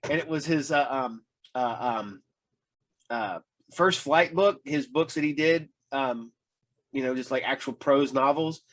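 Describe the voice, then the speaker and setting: A man's voice: medium pitch, a little slow. A man hosting a podcast, telling rambling anecdotes in a casual chat, full of fillers and acting out what people said. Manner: rambling storyteller, acts out quoted voices, many fillers. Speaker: podcast host.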